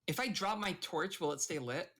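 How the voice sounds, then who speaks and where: Female player, deep for a woman, halting, filler-heavy. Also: lively intonation, a bit bright. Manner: hesitant, many fillers. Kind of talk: casual tabletop play.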